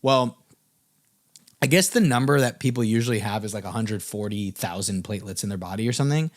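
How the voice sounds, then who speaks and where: A man's voice: fairly low pitch, expressive, fairly quick. A young man, a music business coach, tells a personal story to camera in a casual way, full of fillers and swearing.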